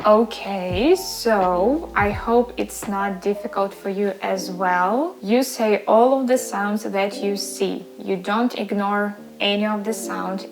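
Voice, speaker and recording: A woman with a Ukrainian accent leads a language lesson at an unhurried pace. She speaks at a mid pitch and sounds out each syllable slowly before blending them into words. Music plays clearly behind her. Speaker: language teacher. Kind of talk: slow, patient language lesson.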